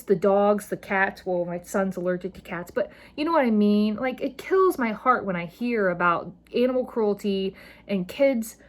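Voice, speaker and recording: A woman in her thirties hosting a solo podcast, talking straight to her listeners. She rambles and gets fired up, hitting words hard when she cares about them. Her voice sits at an ordinary middle pitch. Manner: impassioned, rambling, emphatic. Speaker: podcast host. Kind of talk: casual solo podcast monologue.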